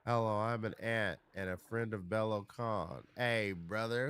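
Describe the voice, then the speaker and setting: A man livestreaming a video game, chatting casually and thinking out loud as he plays. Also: on the low side, fairly even intonation, measured pace, clean tone, no echo. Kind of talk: casual gameplay commentary.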